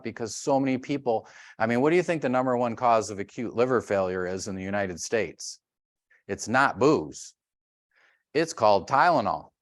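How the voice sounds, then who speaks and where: A middle-aged man leads a health workshop with lively, animated stories. He acts out sounds and little voices as he goes. His voice sits at a middle pitch and is recorded close and dry. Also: no echo. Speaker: chiropractor giving a workshop.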